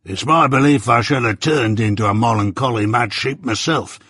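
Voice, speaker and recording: A man voicing a rough old male ex-convict in an audiobook, with rough rustic speech and a habit of saying "dear boy". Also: medium pitch, normal speed, pushed and bright, dry recording, studio quality. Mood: gruff, wary. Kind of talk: audiobook character voice.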